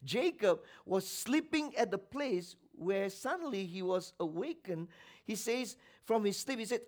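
Male preacher, high voice, slow deliberate delivery, dramatic shifts between loud and hushed. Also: expressive. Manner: dramatic swings from loud preaching to near-whisper. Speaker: pastor. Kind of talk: sermon.

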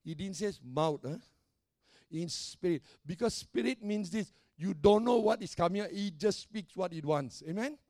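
High-voiced emphatic male preacher. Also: animated, moderate pace, a little mellow, no room sound, studio quality. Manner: emphatic preaching with call-and-response tags. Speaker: pastor. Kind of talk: sermon.

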